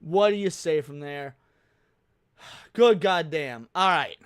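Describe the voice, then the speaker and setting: A man's voice: on the high side, lively intonation, slow, clean tone, no room sound, studio quality. A man hosting a live reaction stream, ranting heatedly with lots of swearing. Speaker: livestream host.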